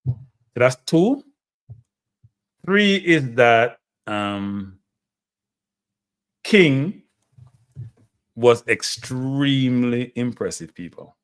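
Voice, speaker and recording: A man with a Jamaican accent hosting a live stream, talking football in an excitable, emotive way and laughing often. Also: mid-range voice, very slow, pauses often, clear, resonant tone.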